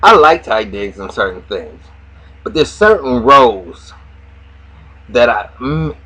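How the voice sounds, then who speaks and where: Husky, profane man recapping TV. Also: medium pitch, takes it slowly, poor audio. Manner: animated, profane, laughing, acts out characters' lines. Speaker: TV recap reviewer.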